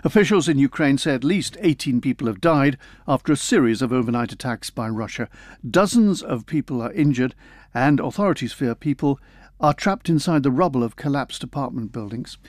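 A man's voice: medium pitch, animated, brisk, darkish tone, no room sound, clean studio sound. Chatty male radio newsreader. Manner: chatty asides between news items. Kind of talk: radio news and banter.

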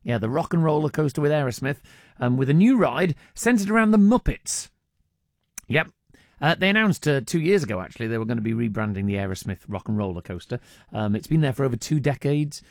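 A man's voice: medium pitch, dry recording. A man presenting a radio show in casual chat from a studio, reading out listener texts with plenty of ums and uhs. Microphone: studio microphone.

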